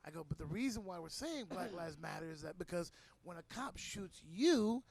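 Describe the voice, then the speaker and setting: A man's voice: sits high, moderate pace. A man co-hosting a podcast, telling a profane story and acting out what people said, in a casual chat. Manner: profane, animated, acts out quotes. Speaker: podcast co-host, comedian.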